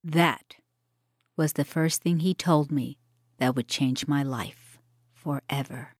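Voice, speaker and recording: A woman's voice: sits low, takes it slowly, no echo, clean studio sound. Reflective middle-aged woman narrating. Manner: reflective, wry. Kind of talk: dramatic monologue narration.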